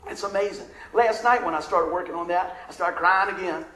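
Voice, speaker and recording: A man with a high voice tells a story from the pulpit, folksy and heartfelt, asking the crowd for an amen now and then. His voice rings out in a roomy, echoing hall. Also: a little fast, few pauses, fairly bright tone, slight background noise. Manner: emotional, conversational, Southern-tinged storytelling with asides to the congregation. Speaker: preacher. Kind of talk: storytelling sermon.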